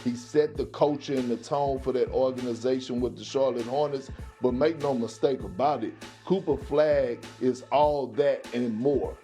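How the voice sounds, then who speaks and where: A man's voice: mid-range voice, fairly even intonation, normal speed, few pauses, dark tone, faint music behind. A man working as a sports analyst on a debate show, giving his take in a folksy way with homespun comparisons and stumbling restarts.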